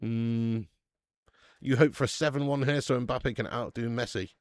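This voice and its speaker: A man's voice: medium pitch, steady tone, normal speed, dry recording, clean studio sound. A man hosting a live football watch-along, chatting in casual banter, swearing freely and calling everyone mate.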